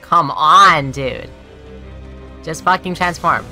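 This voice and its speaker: A woman's voice: sits low, slow pace. A woman streamer swearing and commenting on her own play, talking to viewers and shrieking when she dies. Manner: profane, exasperated, talks to viewers; shouts and shrieks when dying. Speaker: streamer playing a video game. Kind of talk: gaming commentary. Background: game music.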